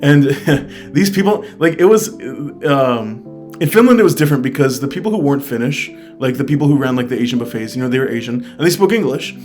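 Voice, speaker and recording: A young man from the United States talks through his trip in a loose, candid vlog, full of fillers and easy enthusiasm. His voice sits at an ordinary middle pitch. A faint plucked guitar plays underneath. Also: expressive, fairly quick, darkish tone. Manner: chatty, many fillers, candid and upbeat. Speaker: travel vlogger. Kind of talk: casual vlog review.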